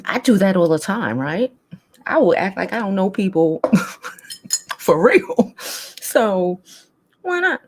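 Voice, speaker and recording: A woman's voice: medium pitch, lively intonation, takes it slowly, pauses often, darkish tone, a little hiss or hum. A woman hosting a casual livestream chat and reading the comments, blunt and talkative, who laughs often and swears freely. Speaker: host.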